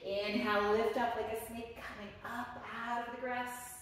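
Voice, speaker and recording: A woman teaching a children's yoga class, giving gentle, encouraging and playful instructions. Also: on the high side, flat delivery, moderate pace. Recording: very echoey room, voice from a distance, faint noise.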